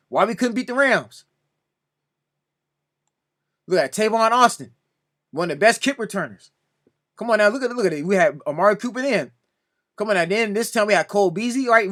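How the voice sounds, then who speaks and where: Man, high and sharp-toned, casual reaction commentary, exasperated and repetitive. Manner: exasperated, repeatedly pleading "come on now"; addresses another commentator directly. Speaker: sports reaction video host.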